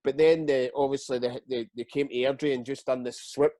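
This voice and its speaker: A man's voice: mid-range voice, no echo. Scottish man, forties, casual interview chat, stumbling restarts, dry recording. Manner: halting, with many repeated words and restarts; lively storyteller. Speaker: guest, retired footballer.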